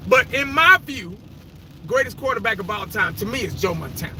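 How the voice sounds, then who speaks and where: A man's voice: high-pitched, lively intonation, brisk, pushed and bright, a little hiss or hum, poor audio. A man giving his casual, opinionated take on football greats, swearing freely and rambling as he goes. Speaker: fan vlogger. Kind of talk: casual sports opinion rant.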